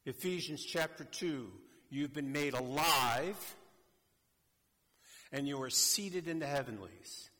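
A man preaching a sermon slowly and emphatically, addressing a congregation. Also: medium pitch, sharp tone. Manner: slow, deliberate, emphatic preaching. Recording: long hall reverb.

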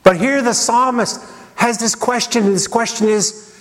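A man with a very high, fairly bright voice preaches a dramatic sermon at a moderate pace, using rhetorical questions and repeated lines for emphasis. The recording carries the long reverb of a large hall.

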